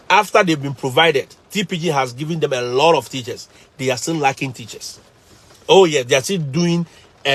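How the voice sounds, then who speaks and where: On a live stream, a man who teaches and vlogs chats casually, telling stories with animation, laughing a lot and repeating phrases. His voice is on the high side and husky.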